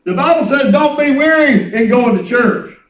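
A man's voice: extremely high pitch, animated, moderate pace. A middle-aged man preaching a folksy, emphatic sermon and repeating himself for effect. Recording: echoey room, from a distance.

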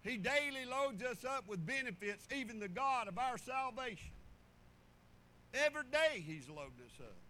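Man, pastor, high bright voice, folksy sermon, repeats phrases. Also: sing-song, normal speed. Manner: folksy storytelling preacher, repeats phrases for emphasis.

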